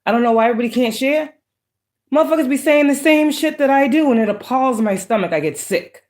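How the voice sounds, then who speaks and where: A woman's voice: high voice, lively intonation, fast, darkish tone. A woman giving a profane, emphatic, preachy casual monologue as a psychic tarot reader. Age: adult with children.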